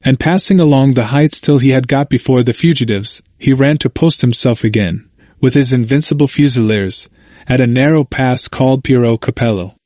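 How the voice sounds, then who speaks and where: A man narrating a history audiobook in a measured, formal manner. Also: mid-range voice, dark tone, no room sound, clean studio sound.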